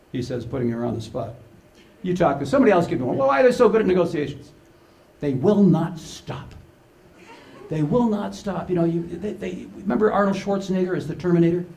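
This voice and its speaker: Gravelly older man telling jokes. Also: high-pitched, darkish tone. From Canada. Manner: storytelling, playful, acts out quotes. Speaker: conference speaker. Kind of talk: humorous conference presentation.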